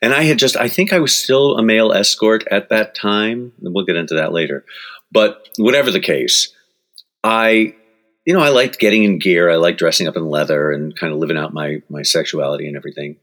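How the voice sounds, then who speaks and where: A man in his sixties speaks in a deep, low voice as an author being interviewed. He tells personal stories with lots of energy, breaks into laughter often, and acts out what other people said. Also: fairly quick, a bit bright. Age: 60s. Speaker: author and guest. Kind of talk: storytelling in interview.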